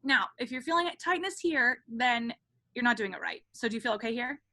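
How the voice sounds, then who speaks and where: Woman voice coach, bright lively delivery, coaching over a video call and singing examples. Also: fairly high pitch, brisk. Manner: demonstrates by singing meows. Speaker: voice teacher. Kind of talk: online voice lesson.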